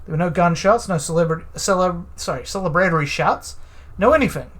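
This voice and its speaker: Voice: mid-range voice, lively intonation, fairly quick, fairly bright tone. A let's-play narrator voicing a nervous, evasive, genteel man witness who speaks in fussy, formal, hesitant phrases.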